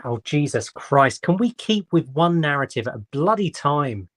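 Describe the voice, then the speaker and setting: A man's voice: fairly high pitch, very animated, moderate pace. A man, a guest on a casual live-stream chat, making dry, wry quips.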